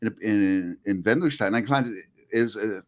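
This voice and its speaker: A man's voice: lowish voice, moderate pace. A middle-aged man, a linguistics professor, talking in an interview over a video call, explaining with frequent restarts. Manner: animated, many restarts, explanatory. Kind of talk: conversational interview.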